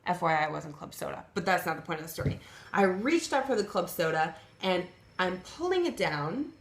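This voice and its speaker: A young woman telling a comic story on her vlog, talking in an animated, exasperated rant. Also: fairly low pitch, fairly quick. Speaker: vlogger. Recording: roomy echo.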